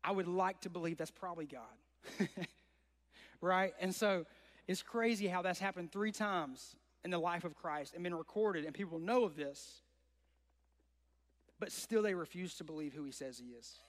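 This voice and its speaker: High-voiced young man preaching in a hall. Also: moderate pace. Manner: conversational, asks the listeners rhetorical questions. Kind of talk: sermon. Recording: long hall reverb.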